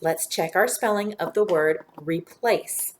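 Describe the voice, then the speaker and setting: A woman teacher talks young children through a phonics lesson at a very slow, deliberate pace. She draws out each word, gives short clear directions and follows them with encouraging praise. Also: fairly low pitch, a little hiss or hum. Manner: slow, clear, drawn-out words.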